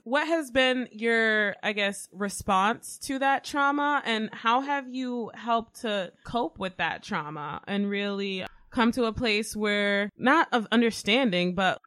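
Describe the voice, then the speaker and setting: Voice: medium pitch, takes it slowly, hardly any pauses, pushed and bright, smooth, dry recording, clean studio sound. A co-host who listens attentively, then asks a thoughtful, encouraging follow-up question. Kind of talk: casual conversation.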